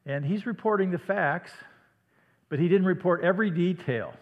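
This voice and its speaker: A man with a slight Midwestern accent preaches in a chatty, plain-spoken way and often sinks to a hush for weight. His voice sits a little high for a man. The hall behind him rings with a long reverb. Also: normal speed, phone-quality sound. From Iowa. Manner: conversational, dramatic dips to a hush. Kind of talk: sermon.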